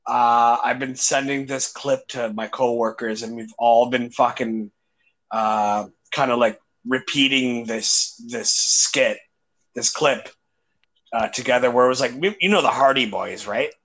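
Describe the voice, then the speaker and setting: A man's voice: mid-range voice, a little slow, a bit bright. A man in casual chat, swearing constantly and acting out comedy clips he has seen.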